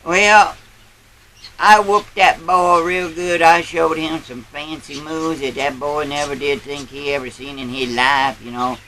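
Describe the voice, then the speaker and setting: A man's voice: fairly high pitch, little pitch movement, a little slow, sharp tone, a little hiss or hum, poor audio. A man playing a boastful old country grandpa, telling a rambling tall tale in a folksy drawl. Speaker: storyteller. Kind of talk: character storytelling.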